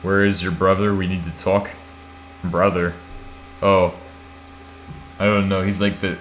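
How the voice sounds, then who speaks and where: A half-asleep American man on a live stream thinks aloud while typing commands, occasionally swearing and mocking himself. His voice is deep and a bit bright with little pitch movement, at normal speed with frequent pauses, over slight background noise.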